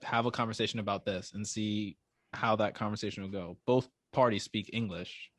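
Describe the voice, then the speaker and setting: A man's voice: on the low side, steady tone, moderate pace, a bit bright, dry recording. A man co-hosting a podcast, asking curious, musing questions in casual chat. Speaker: podcast co-host.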